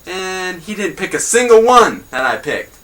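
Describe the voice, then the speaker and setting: Young male host, bright tone, offhand crude jokes, casual mock newscast. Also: high voice, very animated, measured pace, low-quality recording. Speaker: host of a homemade news show.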